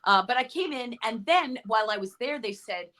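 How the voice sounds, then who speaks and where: A middle-aged actress guest telling stories in a chatty interview, often correcting herself mid-sentence. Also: female voice, on the high side, lively intonation, fairly quick, bright, forceful tone. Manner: chatty, storytelling, self-correcting. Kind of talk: casual interview chat.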